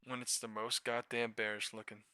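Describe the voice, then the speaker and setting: A man's voice: mid-range voice, flat delivery, moderate pace, sharp tone, smooth, no room sound. A man giving live market commentary as a trading streamer, talking in exasperated, profane mutters that break into sudden outbursts.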